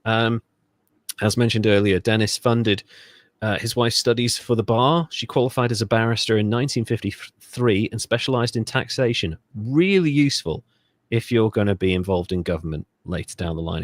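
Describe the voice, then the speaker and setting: A man's voice: lowish voice, moderate pace, dry recording. A man from Britain co-hosting a history podcast, telling the story in a sardonic, profane, rambling way. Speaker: podcast co-host. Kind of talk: casual podcast chat.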